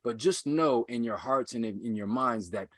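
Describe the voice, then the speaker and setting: A man speaking as a podcast guest and coach, measured and earnest, repeating phrases for emphasis. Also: medium pitch, dry recording, studio quality. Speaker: guest, men's self-mastery coach. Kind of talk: earnest conversational teaching.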